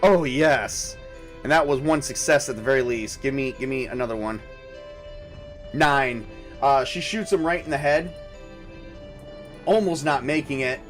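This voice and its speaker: A man narrating a solo tabletop game, rolling dice and thinking aloud in a halting way with many fillers. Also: medium pitch, soft background music. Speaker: game master.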